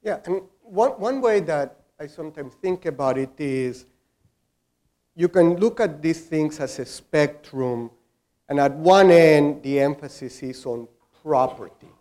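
A man's voice: fairly high pitch, expressive, takes it slowly, warm tone. A man speaking as a panelist in a discussion, explaining his point with everyday examples.

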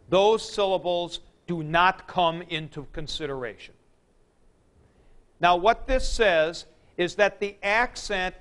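Slow, high-voiced man teaching a class. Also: a bit bright, clean tone. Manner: chatty, joking asides to students. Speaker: Greek teacher. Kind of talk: classroom lecture.

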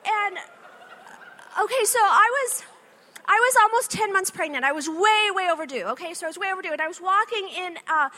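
A woman in her thirties giving a faith-based motivational talk to an audience, telling animated personal stories and often checking in with "okay?". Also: very high-pitched, fairly quick. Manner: animated storytelling with frequent "okay?" asides. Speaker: speaker addressing an audience.

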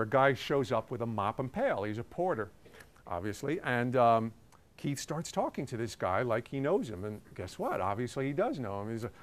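A journalist recounts an old story in a loose, chatty way, dotting his talk with ums and uhs. His voice is smooth and resonant, sitting at an ordinary middle pitch for a man. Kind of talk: casual anecdote telling.

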